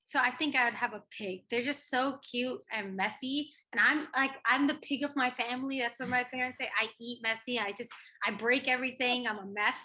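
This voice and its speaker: Young woman, high bright voice, bubbly, laughs often, casual podcast guest chat. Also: steady tone, fairly quick, hardly any pauses. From United States. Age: young adult.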